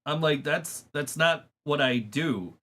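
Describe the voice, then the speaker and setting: A man's voice: fairly high pitch, slow pace, bright, forceful tone. A man hosting a podcast in casual chat, swearing freely and laughing through his stories. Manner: profane, laughing storyteller. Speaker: podcast host.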